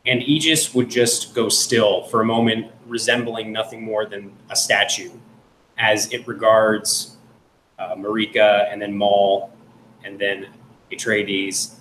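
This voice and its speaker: A man narrating a tabletop game as game master, describing scenes slowly and in detail. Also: lowish voice, flat delivery, a bit bright, roomy sound, slight background noise, rough recording.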